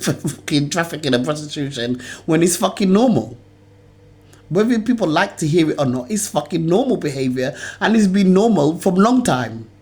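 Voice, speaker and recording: A woman's voice: a bass voice, a little mellow. A woman recording a ranting video monologue to camera, agitated and rambling, swearing often and repeating herself. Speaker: video blogger.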